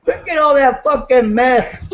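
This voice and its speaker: A man's voice: extremely high pitch, lo-fi sound, noisy background. A man chatting casually over a video call, joking around and laughing often. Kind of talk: casual chat.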